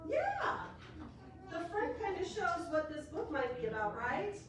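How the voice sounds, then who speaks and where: Story-time librarian: high, animated, teacherly; roomy and distant. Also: female voice, a little slow. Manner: bright, coaxing teacher talk with questions. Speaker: children's librarian. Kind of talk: story time read-aloud for preschoolers. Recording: echoey room, distant mic, faint hiss.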